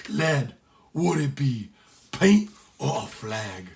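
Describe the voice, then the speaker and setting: A man voicing a rough old Irish pirate with a heavy brogue who talks in an excitable, jeering way. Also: medium pitch, takes it slowly, heavily acted. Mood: curious.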